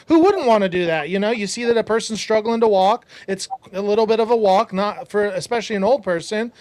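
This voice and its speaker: High-voiced emphatic man, dry sound. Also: a little fast, hardly any pauses, dry recording. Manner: emphatic, preachy asides to listeners. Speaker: podcast host. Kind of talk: casual storytelling.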